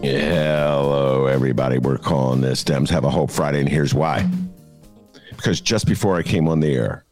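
A man's voice: a bass voice, normal speed, a little mellow, soft background music. A middle-aged man hosting a casual political talk show, jokey and rambling. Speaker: podcast host.

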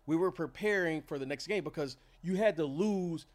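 A man's voice: fairly high pitch, normal speed, no room sound. A man, a former basketball player telling stories from his career in a casual podcast chat. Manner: animated storyteller, repeats words, acts out quotes. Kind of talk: casual storytelling.

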